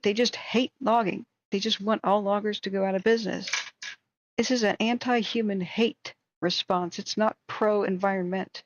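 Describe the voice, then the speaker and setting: A woman with a hoarse voice hosts a wildfire tracking livestream, venting in indignant, exasperated commentary. The audio is dull and lo-fi, with a dry, close sound and no room echo. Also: mid-range voice, fairly even intonation, moderate pace.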